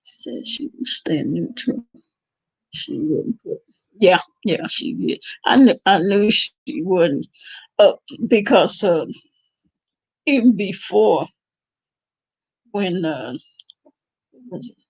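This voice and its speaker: A woman hosts a relaxed livestream chat, talking loosely and laughing often between thoughts. Her voice is husky with a gravelly edge. The sound is dry and a little dull, as from a cheap mic. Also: fairly low pitch, no room sound. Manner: chatty, laughs often, drawn-out pauses. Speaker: livestream host. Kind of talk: casual chat with viewers.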